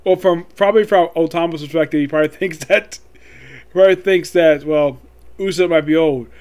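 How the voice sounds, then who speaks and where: Man, manga reviewer, casual rambling recap, reads lines in quick voices, higher-pitched. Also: a little mellow.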